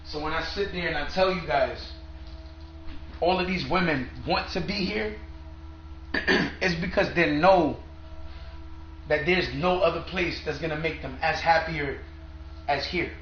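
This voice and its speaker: A man's voice: fairly high pitch, a little slow, long pauses, a little hiss or hum. A man talking straight to viewers in a rambling monologue, agitated and profane, in long run-on stretches. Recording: echoey room, dull lo-fi sound.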